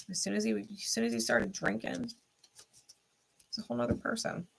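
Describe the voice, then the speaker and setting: A woman's voice: medium pitch, moderate pace, gravelly, fairly bright tone, breathy edge. A woman speaking bluntly in a candid vlog monologue, swearing often and repeating short heated lines straight to the listener. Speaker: tarot reader and channel host.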